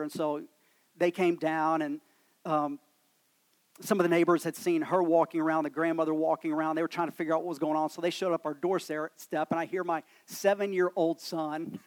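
A man's voice: fairly high pitch, level tone, fairly quick. A pastor man, conversational sermon voice. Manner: conversational, self-deprecating storytelling with frequent restarts. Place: church sanctuary.

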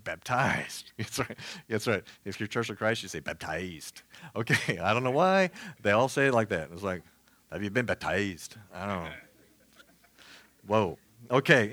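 Chatty, joking pastor with a drawl. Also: male voice, mid-range voice, sharp tone, no echo. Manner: chatty, joking, many fillers and asides. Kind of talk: casual sermon.

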